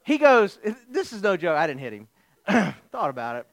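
A male pastor preaching a sermon, telling a funny story in an animated, joking way. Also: high voice, normal speed, dry recording.

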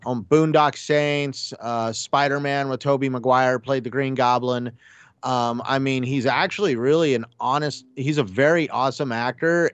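A man chatting casually on a gaming podcast, rambling excitedly with lots of fillers and restarts. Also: mid-range voice, no echo. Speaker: podcast panelist. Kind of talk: casual chat.

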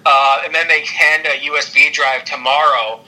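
A man talks through a casual podcast recap, his voice slightly high and very bright. He rambles, stacks fillers and breaks into frequent laughs. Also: fairly even intonation, normal speed, poor audio. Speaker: podcast co-host recapping wrestling. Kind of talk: casual chat.

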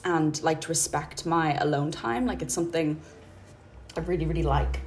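This is a low-pitched Irish woman, a podcast host, working through her thoughts in an easygoing monologue. There's faint background noise as she rambles earnestly and softly, peppering her speech with "um" and "like."

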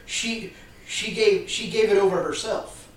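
A man's voice: high voice, fairly even intonation, measured pace. A man hosting a podcast who chimes in with playful quips and reflections in a casual conversation. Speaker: podcast host. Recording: roomy, distant mic with faint ambience.

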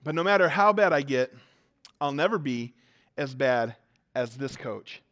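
A man preaching a sermon, telling self-mocking stories with lively jumps between loud and quiet. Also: mid-range voice, unhurried. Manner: joking, self-mocking storytelling; animated, swings from loud to quiet. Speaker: pastor.

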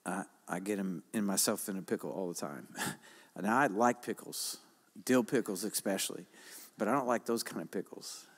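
A man's voice: fairly low pitch, moderate pace. Older male pastor preaching, emphatic and repetitive, reverberant hall. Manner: preaches with repeated exhortations, rising loud and emphatic. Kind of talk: sermon.

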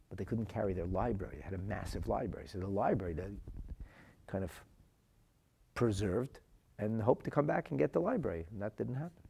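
A man with a low, gravelly voice leads a Talmud lesson. He poses rhetorical questions, reads out Aramaic phrases and translates them. His delivery jumps between hushed asides and loud, emphatic lines. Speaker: Talmud teacher.

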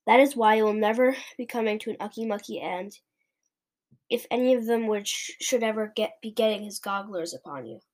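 A woman's voice: mid-range voice, brisk, natural voice. A woman voicing a big, kindly male giant who mangles his words, in a storybook read-aloud. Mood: earnest. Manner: mangles words, gentle and earnest.

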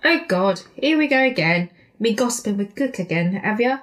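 A woman's voice: medium pitch, expressive, normal speed, natural voice. A woman playing a defensive, secretive kitchen maid who talks coarse and snappish.

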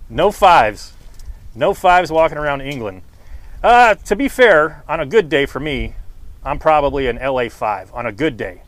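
A man's voice: a little high, lively intonation, moderate pace, no room sound. A man doing casual street interviews outdoors, chatty, swearing casually and laughing often.

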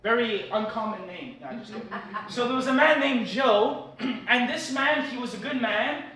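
High, bright-voiced pastor preaching live. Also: male voice, moderate pace, heavy reverb, distant mic, poor audio. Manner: storytelling preacher who builds to shouted declarations. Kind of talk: live sermon. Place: cafe meeting room.

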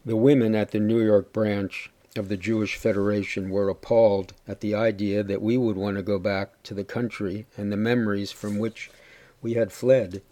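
A man giving a steady, measured first-person story reading. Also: fairly low pitch. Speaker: reader.

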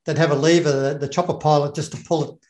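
A man's voice: on the high side, steady tone, fast, darkish tone. A man, a former special operations officer, chatting casually in a rambling way, repeating words and laughing often. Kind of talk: casual conversation. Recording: roomy echo.

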